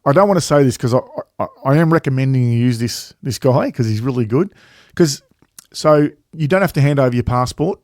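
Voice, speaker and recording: A man talks through a travel story in loose casual chat, full of ums, restarts and the odd swear word. His voice sits at an ordinary middle pitch. The sound is dry and close, with no room around it. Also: animated, a little fast, darkish tone, no echo. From Australia. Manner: rambling, swears freely, many fillers and restarts. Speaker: travel vlog co-host.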